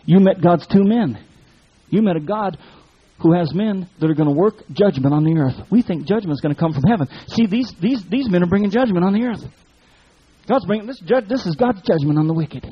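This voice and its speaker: A man's voice: high-pitched, husky. A man preaching a sermon in a fiery, folksy way, full of colloquial speech. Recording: dull lo-fi recording.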